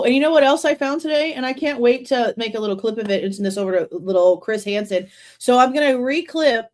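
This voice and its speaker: A woman hosting a true crime livestream, reading passages from a book aloud and breaking off into blunt, sarcastic commentary with swearing. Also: a little high. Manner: reads quoted passages, then breaks off to comment.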